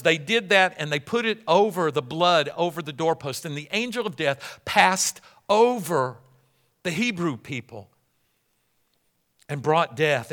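Guy preaching, fairly high bright voice, big church echo, goes loud then hushed. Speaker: pastor. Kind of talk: sermon. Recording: long hall reverb.

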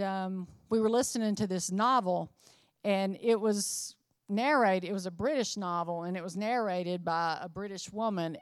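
A woman's voice: medium pitch, clean tone, no room sound, studio quality. A middle-aged woman preaching a sermon, earnest and emphatic, building her phrases up to rises.

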